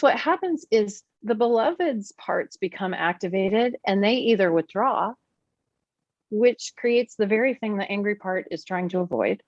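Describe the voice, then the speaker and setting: Low-voiced woman explaining earnestly. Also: no room sound, dull audio. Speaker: podcast guest, therapist and teacher. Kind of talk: podcast conversation.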